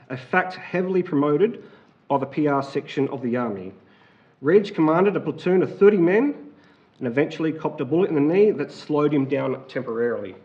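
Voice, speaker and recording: An Australian man chairing a council meeting, speaking formally but haltingly with many fillers. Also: fairly high pitch, mellow. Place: council chamber. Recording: roomy, dull council chamber audio.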